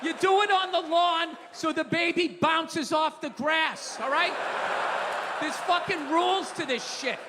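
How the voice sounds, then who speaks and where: An older man doing a stand-up comedy set, ranting loudly and profanely, often shouting his punchlines. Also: extremely high pitch, unhurried. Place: large theater stage before a crowd. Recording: live hall reverb, loud crowd noise. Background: audience laughter and applause.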